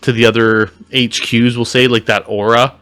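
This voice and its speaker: A man co-hosting a casual podcast about novels, talking in an animated way and acting out characters' reactions. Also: medium pitch, moderate pace, no room sound. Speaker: podcast co-host. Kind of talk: casual book discussion.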